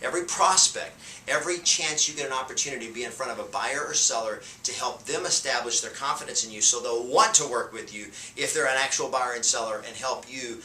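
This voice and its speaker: A man's voice: medium pitch, a little fast, a little hiss or hum. A man giving a motivational real estate sales lesson, talking with energy and driving points home by repeating them. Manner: energetic and emphatic, drives points home with repetition; shifts loudness and pace to show a point. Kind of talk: motivational teaching talk. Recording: roomy sound from a distance off the mic.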